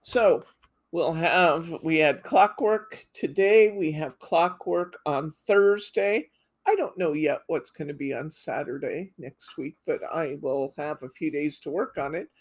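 A woman's voice: deep voice, a little slow, slightly rough. A middle-aged woman hosting a live craft demo, chatting casually and reading out viewer comments. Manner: chatty, reads out viewer comments, frequent laughs. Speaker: craft show host.

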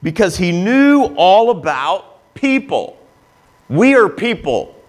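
Male pastor, sermon delivery, higher register, earnest and confessional. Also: very animated, takes it slowly. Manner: earnest, emphatic preaching with repeated phrases; personal and confessional, with frequent restarts.

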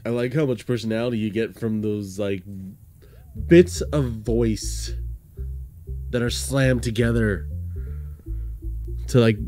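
A man's voice: medium pitch, dark tone. A man hosting a casual let's-play, joking and reading the game text aloud. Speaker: gaming channel host.

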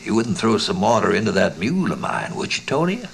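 A man voicing a gruff, wary drifter in a dramatized audiobook, speaking in terse growls. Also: lowish voice, huge pitch swings, a little fast, a bit bright, slight background noise, full character voice. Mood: sly.

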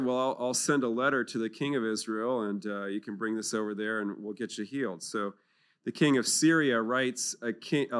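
A man giving an animated, jokey talk on scripture at a clergy retreat, acting out the figures in playful voices. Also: medium pitch, clear, resonant tone. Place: conference hall.

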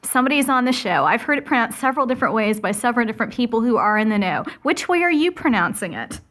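Lively interviewer woman with a higher voice. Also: fast. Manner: friendly, brief backchannel, laughs along. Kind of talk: casual interview questions.

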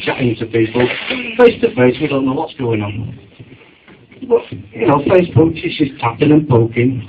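A man tells a stand-up routine with a lively voice that swings up and down and sits a little high. The sound is dull and lo-fi, with a faint hum of the club behind him. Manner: lively storytelling, acts out shouted quotes. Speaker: stand-up comedian. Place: comedy club stage.

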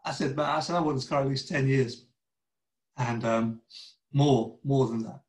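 A church teacher speaks at medium pitch and normal speed during a chatty video-call sermon, captured in reverberant, poor-quality audio. He acts out little exchanges and frequently stumbles and restarts.

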